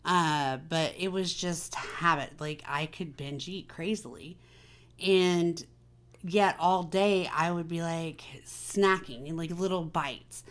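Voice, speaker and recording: A woman's voice: fairly low pitch, takes it slowly, a bit bright. A woman hosting a casual personal chat, talking candidly and confidingly with many fillers. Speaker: vlog host.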